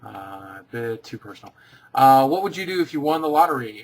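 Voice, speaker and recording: A man's voice: mid-range voice, big pitch swings, fairly quick. Man answering fan questions dryly. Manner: reads questions aloud then answers dryly and briefly. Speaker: vlogger answering viewer questions. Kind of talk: casual Q&A.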